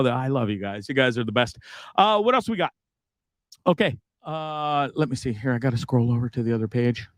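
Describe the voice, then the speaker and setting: A man's voice: mid-range voice, dry recording. A man hosting a casual livestream from a bus, rambling, swearing and laughing at himself. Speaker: host.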